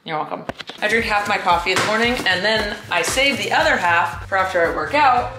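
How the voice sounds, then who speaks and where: A woman vlogging at home in a playful, rambling way, often joking at her own expense. Her voice sits in a middle register and carries a roomy echo. Music plays clearly underneath. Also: medium pitch, fairly quick. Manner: playful, rambling, self-mocking. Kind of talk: casual daily vlog.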